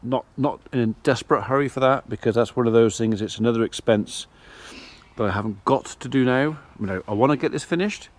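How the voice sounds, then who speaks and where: A man's voice: mid-range voice, fairly quick, no room sound. A middle-aged man, a farmer vlogging casually outdoors as he feeds his animals and chats away to them. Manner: chatty, talks to his animals while feeding them. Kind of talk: casual vlog while doing farm chores. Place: farmyard outdoors.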